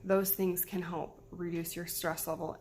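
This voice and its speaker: A woman's voice: on the low side, little pitch movement, unhurried, a little mellow, slight background noise. A woman in her thirties, a mom giving self-care tips in a chatty, encouraging way to camera. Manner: chatty, encouraging, repeats herself. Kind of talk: casual talk to camera.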